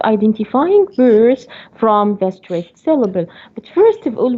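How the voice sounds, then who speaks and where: A woman's voice: a little high, husky. A woman with a Saudi Arabic accent teaching an English class over a video call, patiently explaining step by step and often saying okay. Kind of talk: online class lecture. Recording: muffled online-call audio.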